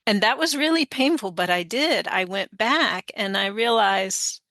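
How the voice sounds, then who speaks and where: A woman in her sixties talks through an interview with a bright, clear tone. Her speech is chatty and loose, full of fillers and quick laughs. The sound is dry and close. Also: mid-range voice, no room sound. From United States. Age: 60s. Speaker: guest author. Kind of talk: conversational interview.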